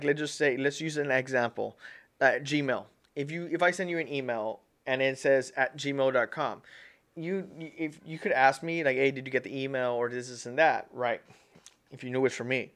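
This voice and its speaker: A man's voice: mid-range voice, fairly bright tone. A man hosting a casual tech-tips livestream, rambling and repeating himself, often calling his viewers "guys". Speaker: livestream host.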